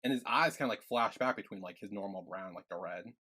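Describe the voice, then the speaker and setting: A man's voice: on the low side, brisk, sharp tone, breathy edge. A young man co-hosting a podcast, retelling scenes from a series in a loose, filler-heavy way. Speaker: podcast co-host. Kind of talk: casual recap chat.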